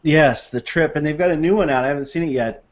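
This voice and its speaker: A man's voice: fairly high pitch, fast. Laughing man telling stories on lo-fi audio. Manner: storytelling, laughs often, acts out quoted voices. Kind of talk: casual chat. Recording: dull lo-fi sound.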